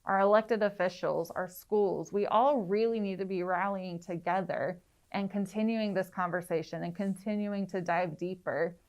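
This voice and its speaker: A woman's voice: on the low side, fairly even intonation, normal speed, poor audio. Earnest young woman public health educator. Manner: earnest, encouraging, talking-point delivery. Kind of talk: panel discussion.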